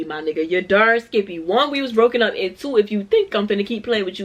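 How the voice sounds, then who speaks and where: Animated twenty-something woman telling a story. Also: a little high, fast talker, few pauses, dull audio. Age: 20s. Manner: animated, slangy storytelling, addressing viewers. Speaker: vlogger. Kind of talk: storytime vlog.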